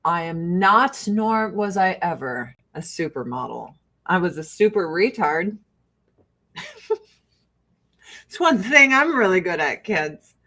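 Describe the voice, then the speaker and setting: A woman's voice: lowish voice, sing-song, slow, long pauses, sharp tone. A woman from Joliet, Illinois with a Chicago-area Midwestern accent, chatting casually as she answers viewer questions, blunt and profane and laughing often. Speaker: streamer answering viewer chat. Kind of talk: casual chat.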